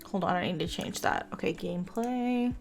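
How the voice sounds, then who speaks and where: A woman's voice: on the low side, normal speed, vocal fry, a little hiss or hum. A young woman streamer giving casual gameplay commentary, hiccuping often, giggling and apologizing.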